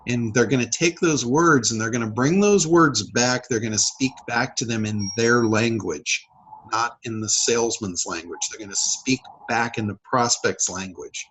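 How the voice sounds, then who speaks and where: A man's voice: medium pitch, moderate pace, a bit bright, slight background noise, rough recording. A man hosting a casual coaching call, talking in a rambling way with many fillers and restarts. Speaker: public speaker and sales trainer.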